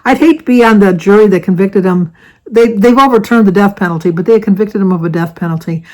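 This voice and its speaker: A woman's voice: medium pitch, quick pace, a little mellow, low-quality recording. An older American woman in casual chat, rambling and chatty, often stopping to correct herself. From United States. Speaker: vlogger.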